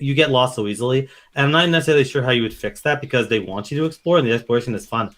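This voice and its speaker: A young man rattles through his opinions at a fast clip, animated and profane, slipping into acted-out quotes. His pitch sits in the middle for a man. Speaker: podcast co-host. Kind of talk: casual review chat.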